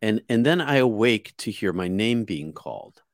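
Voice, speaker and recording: A man from outside Boston tells a story aloud in an earnest, vivid way, often repeating and restarting his words. His voice sits fairly low. The sound is dry, with no room echo. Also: very animated, normal speed. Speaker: guest. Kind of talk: casual spoken storytelling.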